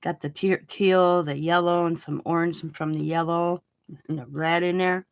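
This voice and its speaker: A woman's voice: fairly low pitch, fairly even intonation, normal speed, smooth. A woman hosting a casual crafting livestream, chatting loosely as she works and chewing gum while she talks. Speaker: craft channel host.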